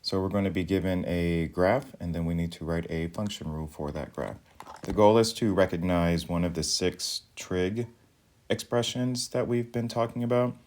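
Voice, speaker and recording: Deep-voiced man teaching math. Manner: calm, methodical, explains step by step. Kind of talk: recorded video lesson.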